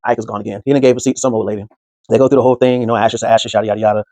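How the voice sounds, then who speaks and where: A man's voice: fairly low pitch, very fast, no echo. A man telling a casual personal story as a podcast host, loose and conversational, acting out the people he quotes. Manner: animated, acts out quoted speech in others' voices; loose and conversational, full of fillers.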